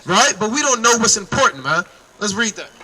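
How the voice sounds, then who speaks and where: Man, street preacher, very high voice, emphatic, calls everyone brother. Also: very animated, a little fast, pushed and bright, breathy edge, rough recording.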